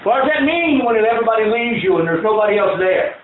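A man with a high voice preaches to a congregation, swapping folksy stories for shouted exhortation. The sound is distant and boomy, with a thin, phone-like band and a faint hiss underneath. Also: animated, fast, crowd noise. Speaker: pastor. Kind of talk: sermon. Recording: echoey, distant, tinny phone-like audio with faint noise.

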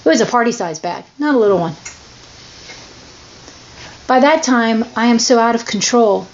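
A woman with a slightly high voice shares her story in an earnest, confessional manner. The recording is dull and lo-fi, with a faint hiss underneath. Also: animated, normal speed. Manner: earnest, confessional, emotionally open. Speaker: person sharing her struggles. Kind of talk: candid personal testimony.

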